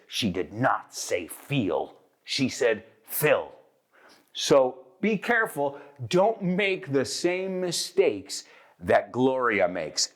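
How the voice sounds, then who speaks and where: A man hosting a bilingual English lesson, explaining with lots of energy and acting out example lines, switching between English and Spanish. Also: medium pitch. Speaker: English teacher and host.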